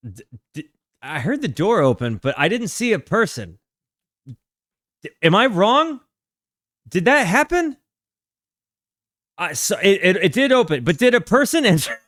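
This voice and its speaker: A man's voice: high-pitched, sing-song, a little slow, long pauses, a bit bright, no room sound, clean studio sound. A man hosting a music reaction channel, chatting casually with lots of restarts and fillers. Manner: rambling, restarts, stacked fillers.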